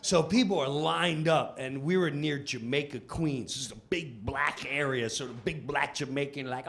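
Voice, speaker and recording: A middle-aged man doing animated stand-up storytelling. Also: fairly high pitch, moderate pace, hardly any pauses, noisy background. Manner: animated, breaks into character voices. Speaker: stand-up comedian.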